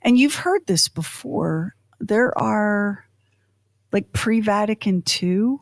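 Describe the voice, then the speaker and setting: A woman co-hosting a podcast, in chatty, animated casual talk full of fillers and asides. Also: mid-range voice, slow, creaky, dry recording. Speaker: podcast co-host. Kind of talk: casual chat.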